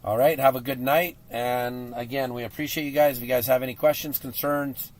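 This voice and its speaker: A man's voice: medium pitch, brisk. Chatty man hosting a card break. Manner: chatty, gets excited over pulls. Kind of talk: live-stream card break commentary.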